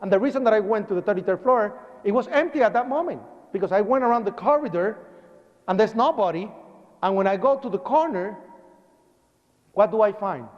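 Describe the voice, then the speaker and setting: A man's voice: high voice, lively intonation, a little fast. A Puerto Rican man giving a personal testimony speech in a church, acting out the dialogue of his story as he tells it. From Puerto Rico. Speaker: speaker. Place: church hall. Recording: dull broadcast audio with long hall reverb.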